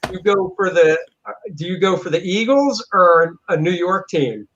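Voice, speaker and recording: A man co-hosts a casual chat show and teases his guests in easy sports banter. His voice sits a little high for a man. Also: lively intonation, normal speed, a bit bright, highs cut off. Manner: teasing, chatty sports banter.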